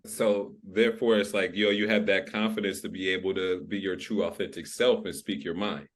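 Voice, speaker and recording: A man hosting a podcast interview, affirming his guest with slang and summing up in quick follow-up questions. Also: low-pitched, steady tone, fairly bright tone. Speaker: podcast host. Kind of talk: casual conversational interview.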